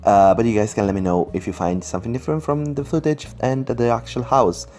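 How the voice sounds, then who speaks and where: A man whose first language isn't English does casual voice-over commentary for a Sims speedbuild, sitting indoors at home with a computer on his lap. His medium-pitched voice is steady and darkish, a little fast, with faint music behind. He rambles with many fillers and apologies.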